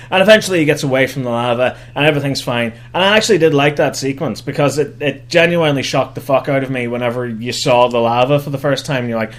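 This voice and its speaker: A young man hosting a podcast, giving a sarcastic, profane comedic recap of a film and slipping into mock voices for the characters. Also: mid-range voice. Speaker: podcast host.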